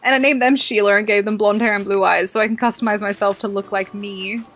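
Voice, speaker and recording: A young Australian woman chatting over a game as a streamer, excitable, swearing freely and laughing often. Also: medium pitch, fast talker. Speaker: gaming streamer. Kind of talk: casual game commentary.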